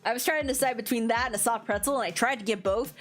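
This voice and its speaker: A woman's voice: fairly high pitch, fast. A young woman streaming, chatting casually about her day with frequent fillers, giggles, and playful silly voices. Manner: giggly, rambling, many fillers; animated, playful voices in quoted bits. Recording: faint background music.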